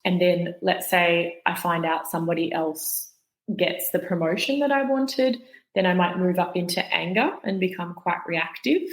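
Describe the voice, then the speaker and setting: A woman with a fairly low voice explains things calmly and patiently, like a guest expert in an interview. Her voice carries a noticeable room echo. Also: normal speed. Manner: calm, explanatory, demonstrates voices.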